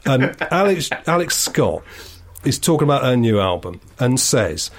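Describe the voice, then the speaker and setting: A man's voice: mid-range voice, very animated, moderate pace. Sardonic man telling digressive stories. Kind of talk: casual chat.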